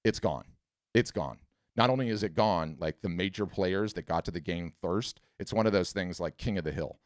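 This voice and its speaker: A man with a very deep, low voice hosts a live webinar and answers viewers' questions. He talks bluntly and emphatically, with animated asides. The sound is close and dry, with no room echo. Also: normal speed.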